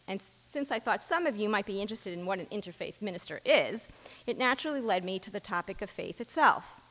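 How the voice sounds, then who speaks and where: A woman giving a sermon as an interfaith minister, reading a story in a measured storytelling voice, in a church. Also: medium pitch, a bit bright, big-room sound, rough recording. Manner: measured storytelling, giving the blind men brief quoted lines. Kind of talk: sermon with a story read aloud.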